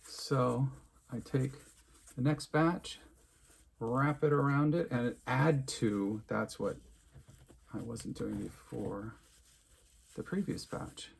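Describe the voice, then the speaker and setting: A man's voice: medium pitch, slow pace, vocal fry, long pauses, breathy edge. A man giving an unscripted crafting tutorial, chatting, thinking aloud and humming to himself as he works. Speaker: craft instructor.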